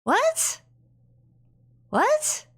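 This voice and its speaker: High, wildly animated woman streamer. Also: extremely slow. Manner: animated, exclaiming in disbelief. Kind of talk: casual live-stream chatter.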